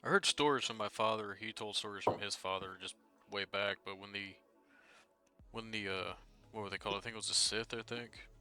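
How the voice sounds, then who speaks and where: A man's voice: on the low side, brisk, pushed and bright. A man chatting in character during a role-play game, rambling and trailing off mid-sentence.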